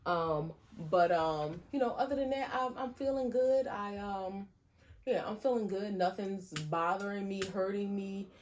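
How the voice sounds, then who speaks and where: A woman co-hosting a podcast in casual chat, chatty and quick to laugh. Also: medium pitch, slight background noise. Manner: chatty, laughs easily, loud-ish. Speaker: podcast co-host.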